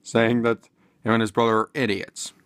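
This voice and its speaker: A man's voice: mid-range voice, flat delivery, normal speed, fairly bright tone, clear, resonant tone, no echo. A man casually commenting in a vlog, rambling and hesitant with many fillers and restarts. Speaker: video commentator.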